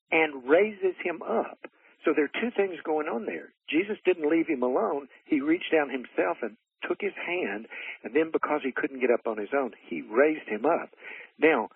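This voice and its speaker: A man's voice: mid-range voice, breathy edge, dry recording. A man earnestly teaching in conversation, retelling stories with little voiced quotes and frequent restarts. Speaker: guest. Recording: muffled phone-line sound.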